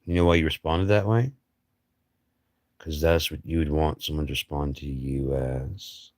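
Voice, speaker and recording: A man's voice: very deep voice, steady tone, moderate pace, darkish tone, no echo, clean studio sound. A man hosting a livestream, rambling through a blunt, profane philosophical monologue full of rhetorical questions and mocking asides. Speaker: livestream host.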